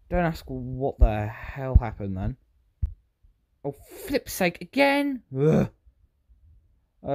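A British gaming YouTuber rambles through Minecraft gameplay commentary, often interrupting himself. His voice is mid-range with a warm tone.

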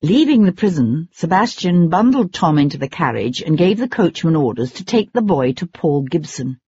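An audiobook narrator reading in a measured, dramatic way, on a dull lo-fi recording. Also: mid-range voice, sing-song, warm tone, slightly rough.

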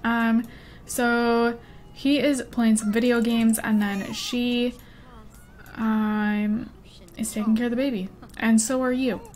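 A woman's voice: a little high, little pitch movement, slow pace, a little mellow, slight background noise. A young woman rambling and giggling as she plays a life-sim game, easily distracted and chatty. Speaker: gaming YouTuber. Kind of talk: rambling let's play commentary with story time.

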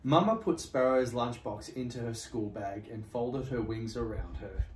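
A man co-hosting a podcast, reading a children's story aloud in a steady, measured way. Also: medium pitch, far from the mic, slight background noise. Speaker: podcast co-host, story reader. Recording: echoey room from off mic.

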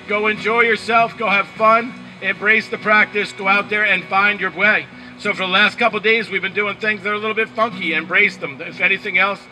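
Bronx guy teaching yoga in his backyard, bright voice, kinda high, faint traffic behind. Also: low-quality recording. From the Bronx, New York. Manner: laid-back, joking, swears casually. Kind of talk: casual class introduction. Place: backyard, outdoors.

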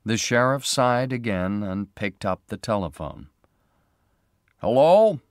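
Slow, expressive male storyteller. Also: on the low side, no echo, clean studio sound. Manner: slow, clear, expressive reading. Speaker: narrator. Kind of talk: graded reader story narration.

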